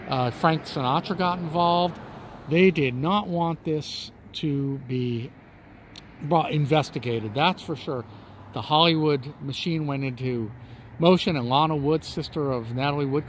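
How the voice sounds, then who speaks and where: A man with a slightly high voice hosts a true-crime vlog, chatting in a folksy way to his viewers as he stands outside on a residential street. There's a bit of background noise.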